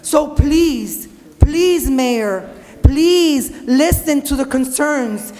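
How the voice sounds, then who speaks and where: A woman's voice: high-pitched, lively intonation, very slow, mellow. A woman speaking during public comment at a city council meeting, blunt, emotional and profane. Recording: long reverb of a council hall.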